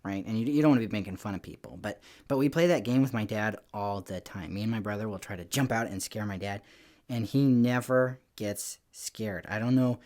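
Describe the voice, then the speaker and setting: A man giving a lively children's church lesson, telling stories in an animated, playful way with little voices. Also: fairly low pitch, brisk. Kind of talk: lively kids' lesson talk.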